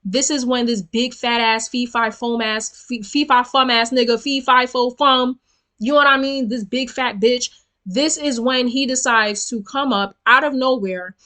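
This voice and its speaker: Bright-voiced young woman ranting a storytime. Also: on the high side, a little slow. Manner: animated, profane and emphatic, talking straight to viewers. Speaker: storytelling vlogger. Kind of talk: casual storytime rant.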